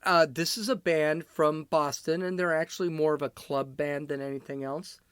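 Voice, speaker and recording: The speaker, a middle-aged podcast host from Chicago, talks alone on his show in a fairly high, steady, smooth, and fairly bright voice at a moderate pace. He's rambling, blunt, and opinionated, often stopping mid-sentence, captured in a dry, studio-quality recording.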